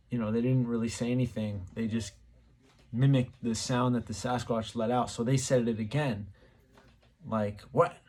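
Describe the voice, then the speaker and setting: A man hosting his channel talks casually to camera, rambling and musing aloud with plenty of fillers. His voice is on the low side and mellow.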